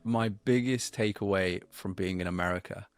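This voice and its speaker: British podcast guest, lowish voice, dry close sound, loves a goofy metaphor. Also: male voice, normal speed, clear, resonant tone, no echo. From United Kingdom. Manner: storytelling with playful metaphors. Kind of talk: conversational podcast interview.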